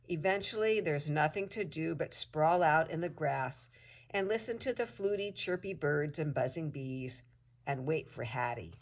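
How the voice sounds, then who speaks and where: A woman teacher with a low-pitched voice reads a children's chapter book aloud to her class, telling the story expressively.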